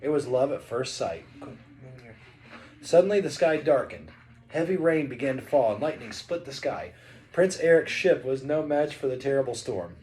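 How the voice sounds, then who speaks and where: A man's voice: medium pitch, normal speed. Dad reading a storybook to his kid, voice bouncing all over, a little hiss behind. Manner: lively, playful, chatty between passages. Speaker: father reading a bedtime story. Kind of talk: reading a picture book aloud to a child.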